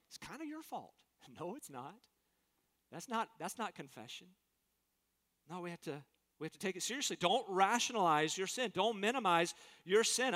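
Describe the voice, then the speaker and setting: A pastor preaches a sermon in a high, pushed, bright voice, earnest and emphatic, acting out quotes in different voices. The recording carries a long hall reverb.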